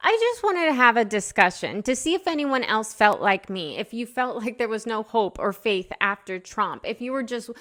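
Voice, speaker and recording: A woman vlogger from the United States talks straight to her viewers in a loose, rambling way, full of fillers and shifting feeling. Her voice sits a bit high for a woman. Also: sing-song, normal speed, hardly any pauses, a bit bright. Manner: chatty, emotional, rambling with many fillers. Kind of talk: casual opinion vlog.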